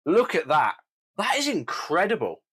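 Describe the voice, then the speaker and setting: A man's voice: high voice, wildly swooping pitch, a little slow, pushed and bright, slightly rough. A man doing a casual beer review, talking with gushing enthusiasm.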